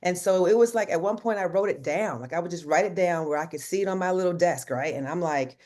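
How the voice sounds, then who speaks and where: A man's voice: sits high, fast talker, few pauses, darkish tone. Earnest man sharing his story on a call. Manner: earnest, conversational, with many fillers and restarts. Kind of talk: testimonial on a team call.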